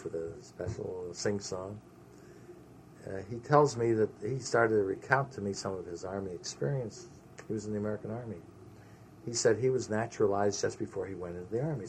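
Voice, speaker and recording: An older man recalling his army days in an oral history interview, an animated storyteller who sprinkles in Yiddish words. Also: on the low side, a little hiss or hum.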